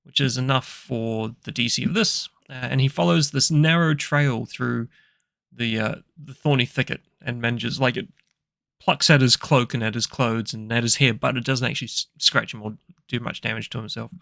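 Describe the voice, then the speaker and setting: A man's voice: mid-range voice, fairly even intonation, normal speed, vocal fry, fairly bright tone, dry recording, studio quality. A man narrating a solo tabletop game session, rambling with many fillers and self-corrections.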